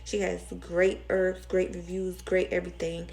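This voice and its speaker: A woman's voice: fairly low pitch, monotone, moderate pace, vocal fry, a little mellow. A young woman with a Southern US accent, rambling emotionally in a casual storytime vlog. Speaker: vlogger.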